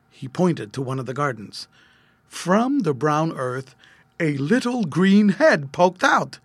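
A man reading an old-fashioned children's story aloud, gentle and expressive. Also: fairly high pitch, slow pace, husky, no room sound. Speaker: narrator.

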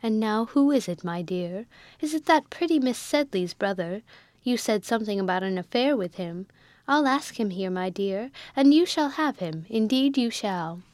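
A woman's voice: medium pitch, lively intonation, moderate pace, darkish tone, no echo, natural voice. A woman voicing an eager, coaxing old lady. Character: wealthy impatient sentimental old lady.

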